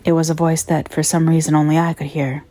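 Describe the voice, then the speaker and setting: A woman narrating a horror story in a measured, grave tone. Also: deep voice, level tone, warm tone, no room sound, studio quality.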